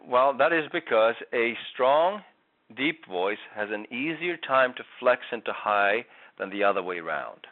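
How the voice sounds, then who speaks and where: A vocal coach on a tinny line. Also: male voice, mid-range voice. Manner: explains patiently with many restarts and "right?". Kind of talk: giving singing feedback on a recording. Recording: tinny phone-like sound.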